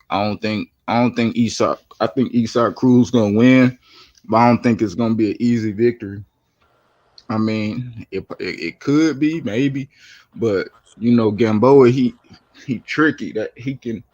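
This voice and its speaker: A man's voice: fairly low pitch, no echo. A man talking boxing picks in slangy, hesitant casual chat with many fillers, on a dull lo-fi mic. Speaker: panel guest.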